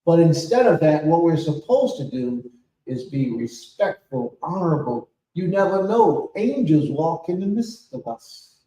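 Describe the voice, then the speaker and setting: A man giving a sermon as spiritual leader of a congregation, preacherly and rising to shouts. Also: a little high, lively intonation, moderate pace. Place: temple hall. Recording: echoey room from far off.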